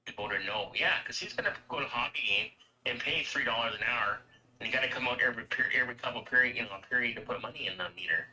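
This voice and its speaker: A man's voice: medium pitch, racing, pushed and bright, low-quality recording. A man from Canada chatting casually, rambling and swearing as he rants about everyday costs. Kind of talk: casual chat.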